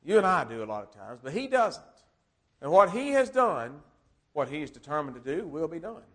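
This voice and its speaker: A man preaching a sermon, earnest, repeating key phrases and swinging between strong and soft words. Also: fairly high pitch, sing-song, moderate pace.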